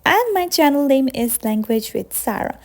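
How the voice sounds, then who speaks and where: A woman teaching basic Italian phrases to beginners, saying each phrase slowly and repeating it for learners. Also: sits high, big pitch swings. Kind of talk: slow beginner language lesson.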